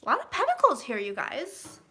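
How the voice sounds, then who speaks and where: A tipsy woman in her thirties reading tarot, chatting loudly and swearing as she tells stories. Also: high voice, fairly quick. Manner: loud, sweary, excitable storyteller. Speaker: tarot reader and host. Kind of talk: casual tipsy chat.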